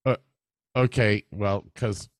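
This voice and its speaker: A man's voice: on the low side, fairly even intonation, slow pace, dry recording, studio quality. A man hosting a podcast, telling stories with lots of laughter and swearing, acting out the voices of the people in them. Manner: laughing storyteller, swears freely, acts out voices in anecdotes. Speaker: podcast host. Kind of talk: casual chat. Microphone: studio mic.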